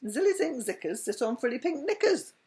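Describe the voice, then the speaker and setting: A woman's voice: sits high, big pitch swings, fairly quick, darkish tone. A woman voicing a friendly, admiring male dog in a bedtime picture-book reading. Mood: eager.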